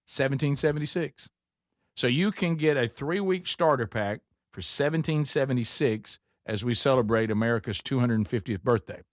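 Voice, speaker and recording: A man's voice: medium pitch, moderate pace, dry recording. Man hosting a talk show, dry studio sound. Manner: rambling storyteller, restarts and repeats words. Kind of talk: casual chat and live ad read.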